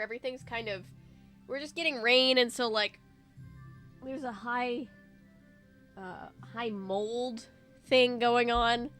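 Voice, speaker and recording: A woman's voice: mid-range voice, fairly bright tone. A woman hosting a let's play, chatting casually and thinking aloud while coughing from allergies. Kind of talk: casual gameplay commentary.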